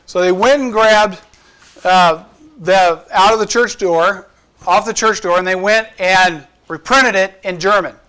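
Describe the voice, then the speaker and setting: A man with a notably high-pitched voice teaches church history to a class. He talks in a loose, conversational way, breaking old quotes down into everyday words and asking his listeners questions. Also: fairly bright tone. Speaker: Bible teacher.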